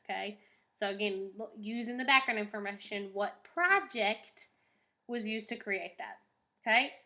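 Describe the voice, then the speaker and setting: A woman's voice: a little high, pushed and bright. A woman teacher giving a recorded lesson, reading documents aloud and patiently explaining each question to her class.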